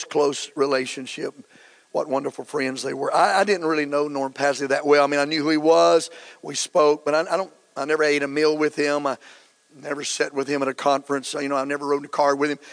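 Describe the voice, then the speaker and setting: Fervent preaching man, slightly high voice. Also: steady tone, fairly quick. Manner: fervent, rising to shouts, acts out quotes. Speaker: pastor. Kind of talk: sermon.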